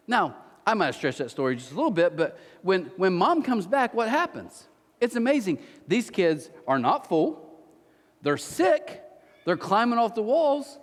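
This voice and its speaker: A man's voice: sits high, normal speed, in a large hall. A man preaching a sermon as pastor, telling stories with playful asides. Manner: animated storytelling with playful asides. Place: church auditorium.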